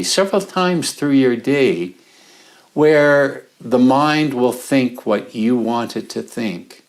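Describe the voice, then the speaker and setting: A man giving a reflective talk, calm and unhurried, acting out a dialogue with his own mind and often trailing into halting repeats. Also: medium pitch. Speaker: speaker on mindset.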